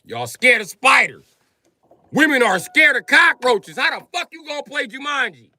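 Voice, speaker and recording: A man ranting on a comedic live stream, loud, profane and animated, often breaking into shouts. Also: very high voice, moderate pace, dry recording.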